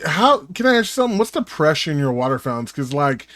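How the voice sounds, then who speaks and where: A man's voice: a little high, big pitch swings, quick pace, fairly bright tone, no echo. A man, chatting playfully on a podcast and drawling words for laughs. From Texas. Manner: playful, repeats words in mock accents. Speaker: podcast co-host. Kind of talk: casual chat.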